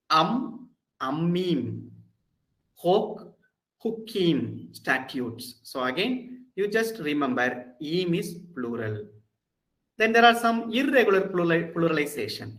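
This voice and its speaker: A man's voice: on the high side, fairly bright tone, rough recording. A man with an Indian English accent teaching an online Hebrew grammar lecture, patient and repeating key points to reassure students. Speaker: Bible college Hebrew instructor.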